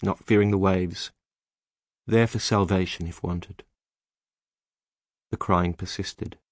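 A deep-voiced male audiobook narrator reads scripted narration in a measured, even storytelling manner. The sound is clean studio quality with no room sound.

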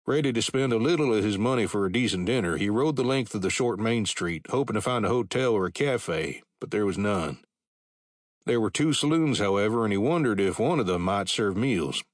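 Low-voiced male audiobook narrator. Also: lively intonation, a little fast, dry recording, studio quality. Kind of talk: scripted narration.

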